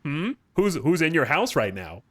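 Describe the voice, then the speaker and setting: A man's voice: a little high, big pitch swings, moderate pace. A man voicing a jealous, needy emperor in a whiny, sarcastic tone. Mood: mocking.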